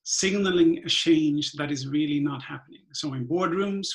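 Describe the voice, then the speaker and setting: Creaky-voiced Swedish man on a video panel. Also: on the high side, a little slow, rough recording. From Sweden. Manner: thoughtful, restarts often, says "like" and "um". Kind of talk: virtual panel discussion. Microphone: video call.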